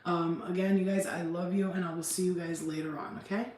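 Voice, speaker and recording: A woman's voice: fairly low pitch, brisk, roomy sound, far from the mic, slight background noise, low-quality recording. A woman chatting casually on a livestream, blunt and profane, laughing often and acting out quotes in other voices. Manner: animated, acts out quotes. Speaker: spiritual healing vlogger.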